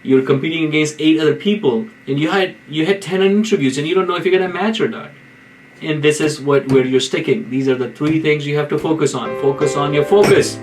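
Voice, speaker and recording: A man's voice: a little high, fairly quick, faint music behind, rough recording. A man, a neurologist, giving earnest, informal career advice in a video lecture and often restarting his phrases.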